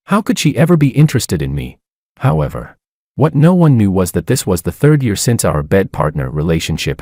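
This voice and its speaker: A man's voice: low-pitched, darkish tone, dry recording, clean studio sound. A man telling a first-person romance story in scripted narration, reflective and wistful.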